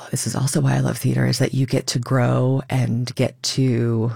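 A woman in her thirties, a stage actor, talking lively and expressively as a guest in a radio interview. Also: rumbling low, measured pace, creaky, breathy edge, no echo, clean studio sound.

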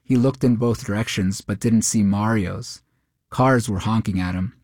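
A man narrating a short story in a steady, measured way. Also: fairly low pitch, no echo, clean studio sound.

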